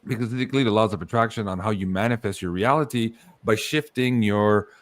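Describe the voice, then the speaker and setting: A man hosting a podcast, chatting casually and jumping between tangents. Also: on the low side. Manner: animated, quick tangents. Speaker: podcast host.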